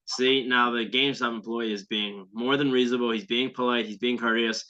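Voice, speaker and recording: A man's voice: mid-range voice, fairly even intonation, a little fast, pushed and bright. A man hosting a podcast, delivering heated, profane, sarcastic commentary on a viral video clip. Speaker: podcast host. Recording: dull lo-fi sound.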